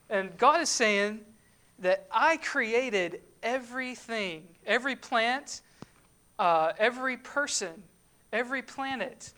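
A woman preaches a sermon in an easy, conversational way. She asks the listeners questions and throws in emphatic asides. Her voice sits at an ordinary pitch for a woman. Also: expressive, a little slow, fairly bright tone.

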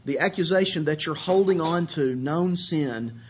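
A man's voice: a little high, measured pace, a little mellow, dull audio, a little hiss or hum. A man preaching a sermon to his congregation, earnest and repeating words as he searches for phrasing. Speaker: pastor.

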